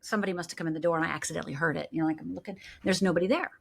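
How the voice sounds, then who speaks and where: A woman's voice: lowish voice, fairly even intonation, very fast, vocal fry, slightly rough. A middle-aged woman, a life coach, telling a personal story in an interview and acting out the voices she quotes.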